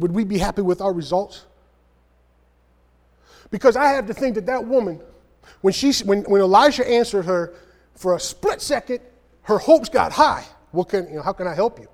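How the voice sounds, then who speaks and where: A man with a high-sitting voice and lively intonation speaks fairly quickly. He preaches a conversational sermon, reading scripture aloud and acting out the quoted voices. A long hall reverb surrounds the recording.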